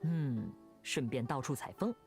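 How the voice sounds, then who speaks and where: A woman voicing a cheerful young stage magician in game dialogue, with a friendly, animated manner. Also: a bass voice, unhurried, soft background music, exaggerated voice.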